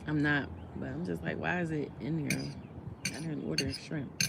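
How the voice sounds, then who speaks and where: Woman, casual vlog chat, laid-back, low-pitched, noisy background. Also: steady tone, normal speed, creaky. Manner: chatty, laid-back, laughs often. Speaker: vlogger. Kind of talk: casual chat while eating.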